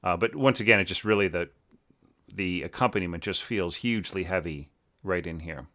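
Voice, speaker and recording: Bright-voiced man critiquing orchestral scores. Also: low-pitched, brisk. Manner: thinking aloud, many fillers and tag questions; sings rhythms with syllables. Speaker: orchestration teacher reviewing student scores. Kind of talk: casual spoken critique.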